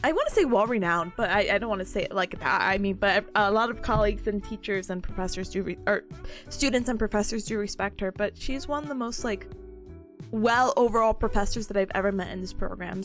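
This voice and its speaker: A woman's voice: mid-range voice, brisk, soft background music. A young woman chatting casually to live viewers, telling a story with many fillers and restarts and giggling often. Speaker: study streamer.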